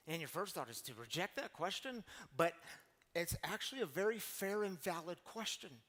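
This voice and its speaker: A man's voice: sits high, animated, moderate pace, fairly bright tone. A middle-aged man preaching a sermon as a pastor, telling stories and speaking directly to his congregation. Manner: storytelling, addresses the congregation directly.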